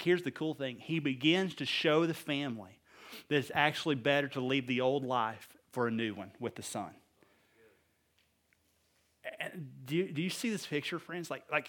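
A man preaching a sermon to a congregation, reading scripture and adding casual joking asides before building to emphatic appeals. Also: mid-range voice. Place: room with a live congregation.

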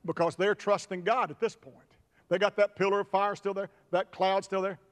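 A pastor preaching a sermon with emphatic repetitions. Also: male voice, sits high, flat delivery, normal speed, long reverb tail.

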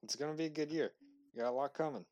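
A man's voice: a little high, racing, darkish tone, no room sound, highs cut off. Man, podcast co-host, casual chat, easygoing, playful.

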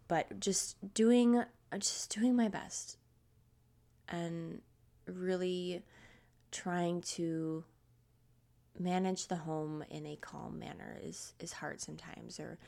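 A woman's voice: on the low side, steady tone, slow pace, vocal fry, darkish tone. A woman hosting a podcast in a casual, rambling chat, with a scratchy throat, many fillers and frequent laughs. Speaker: podcast host.

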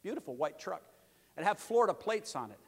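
Joking higher-voiced male pastor preaching. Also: brisk, husky. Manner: lively storytelling with joking asides and calls for amen. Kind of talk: sermon. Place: large church sanctuary. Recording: long reverb of a big church hall.

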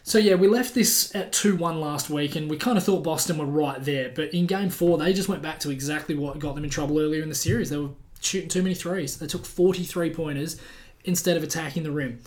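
A man co-hosting a sports podcast, with a voice that sits a little high for a man. He tells his stories in an animated, chatty way and laughs easily. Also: fairly quick. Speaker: podcast co-host. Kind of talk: casual sports chat.

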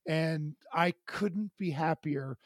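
A man co-hosting a podcast, telling a comic story in an animated way and laughing as he goes. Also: on the high side, takes it slowly, no room sound, studio quality. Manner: animated, laughing as he tells stories. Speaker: podcast co-host. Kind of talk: casual chat, comic storytelling.

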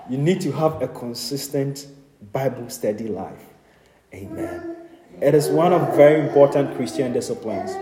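A man's voice: fairly high pitch, reverberant, background noise. A man, a pastor, teaching a Bible study, earnest and direct, with frequent amens and light laughs.

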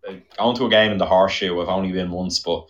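A man's voice: low voice, fairly even intonation, quick pace, fairly bright tone, dull audio. A man with an Irish accent, a guest chatting casually on a podcast. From Ireland. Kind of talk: casual chat.

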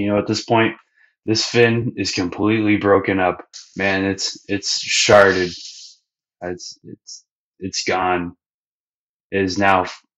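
Low-voiced man recapping on a muffled mic. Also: fairly bright tone. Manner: loose, swearing storyteller who acts out scenes. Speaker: podcast co-host. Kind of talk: casual episode recap. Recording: dull lo-fi audio.

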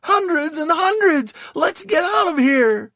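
A man's voice: very high voice, sing-song, a little slow, pushed and bright, no room sound, studio quality, voice pushed up, heavily acted. A man voicing a panicking young male Marine who has just been wounded, shrieking and stammering in terror. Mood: panicked shrieking.

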